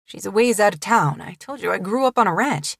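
A woman's voice: medium pitch, animated, fairly quick, creaky, breathy edge, dry recording, clean studio sound. A woman voicing a grown man on the phone in an audiobook, speaking curtly and defensively at first, then more easily. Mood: easygoing.

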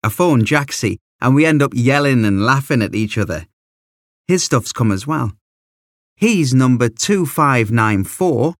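A man reading a children's story aloud as a first-person narrator, in a lively, expressive way into a close microphone. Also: mid-range voice, unhurried, no room sound. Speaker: audiobook reader.

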